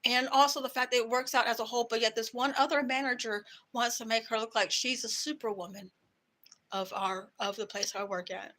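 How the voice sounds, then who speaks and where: A woman's voice: on the high side, steady tone, brisk, pushed and bright. A woman vlogger ranting to camera in a heated, profane way about her work. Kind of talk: angry personal rant to camera.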